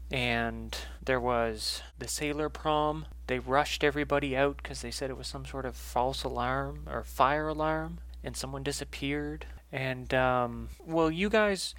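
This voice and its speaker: A game master voicing Martine, a mysterious woman who is nervous and earnest and talks in a halting way, full of restarts. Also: a bass voice. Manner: halting, hesitant, restarts often.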